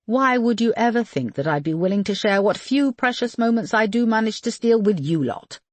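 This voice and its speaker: A woman's voice: a little high, expressive, moderate pace, no room sound, pitched above the performer's own voice. A woman voicing a reserved, serious young pilot. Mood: grave. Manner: dry, understated.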